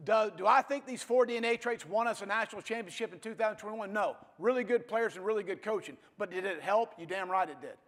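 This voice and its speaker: Man, 50s, high-pitched, football coach, folksy blunt storytelling, motivational speech, hall reverb. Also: fast talker, hardly any pauses, a bit bright.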